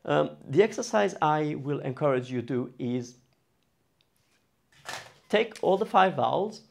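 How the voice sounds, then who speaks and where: A man's voice: a little high, expressive, a little slow, gravelly, a little hiss or hum. A man teaching a beginner online lesson, explaining patiently and drawing out syllables and vowel sounds to demonstrate them. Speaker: Italian teacher.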